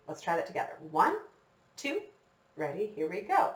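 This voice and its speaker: A woman with a fairly low, sing-song voice speaks at normal speed while teaching children the recorder. She is patient and encouraging, counting the students in, in a whiteboard classroom recorded from a distance in an echoey room.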